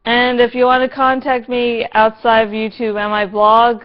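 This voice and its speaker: A woman's voice: fairly high pitch, completely flat delivery, moderate pace, lo-fi sound. A woman reviewing a TV episode in a casual vlog, sarcastic, playful and given to swearing.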